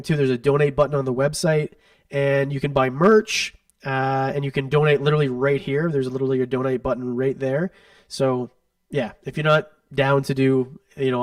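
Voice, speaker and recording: A man's voice: mid-range voice, darkish tone, no room sound, studio quality, recorded from a distance. A man hosting a casual reptile livestream, reading out chat questions and answering in a rambling, off-the-cuff way from home. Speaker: reptile channel host. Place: home room.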